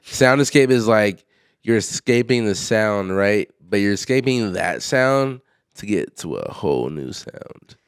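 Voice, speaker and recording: Low, very smooth-voiced joking man. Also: animated, a little slow, dry recording, clean studio sound. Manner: joking, heavy slang, repeats "you know what I'm saying". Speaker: podcast co-host. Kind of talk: casual chat. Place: recording studio.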